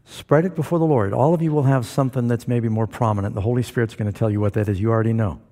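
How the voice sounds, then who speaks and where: A man's voice: medium pitch, fairly even intonation, very fast, dark tone. A man preaching a sermon to a live congregation in a church, folksy and joking, asking the crowd for responses. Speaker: pastor.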